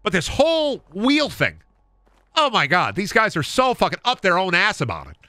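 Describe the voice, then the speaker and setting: Guy doing a grumpy old-timey crank ranting about inventions, bright raspy voice jumping all over. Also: high-pitched, huge pitch swings, normal speed, no echo, studio quality, pitched above the performer's own voice, exaggerated voice. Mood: cranky. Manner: grumbling, emphatic ranting.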